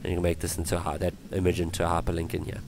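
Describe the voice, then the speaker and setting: Guy with a deep flat voice doing a coding tutorial, sick and losing his voice, lots of ums. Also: creaky, noisy background. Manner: halting, many ums and restarts. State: voice going from illness. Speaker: tutorial presenter. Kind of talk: screen-recorded coding tutorial.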